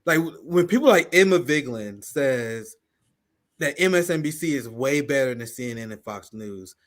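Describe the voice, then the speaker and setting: A man's voice: mid-range voice, animated, normal speed. A man hosting a live political commentary stream, talking bluntly and with profanity. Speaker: host.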